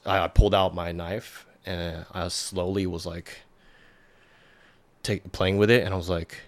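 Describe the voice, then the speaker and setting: A young adult man, a podcast guest, tells a personal story casually and ramblingly, with lots of filler words and restarts. His voice is low and flat, at a normal speed.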